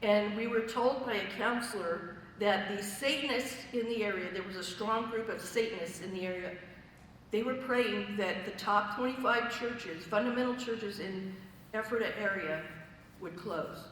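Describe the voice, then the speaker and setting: Woman, church testimony, chatty detailed storyteller, middle-pitched, distant in a reverberant hall. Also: normal speed, a bit bright. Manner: conversational storytelling, vivid detail. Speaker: church member giving testimony. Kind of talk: personal testimony to a fellowship gathering. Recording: echoey hall, voice from far off, faint noise.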